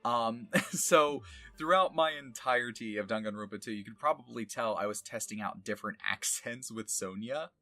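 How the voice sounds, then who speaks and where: A man's voice: medium pitch, moderate pace, pushed and bright, faint music behind. A man voice actor talking casually about his past roles, rambling with many fillers and small laughs. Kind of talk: casual retrospective talk.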